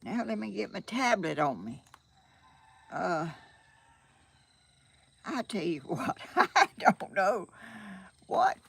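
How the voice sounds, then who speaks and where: A woman's voice: medium pitch, very animated, takes it slowly, gravelly, long pauses, slightly rough. An older woman with a Southern US accent, chatting casually and a bit flustered on a live stream from her home, laughing often. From Georgia, USA. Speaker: vlogger. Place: home, sunny room.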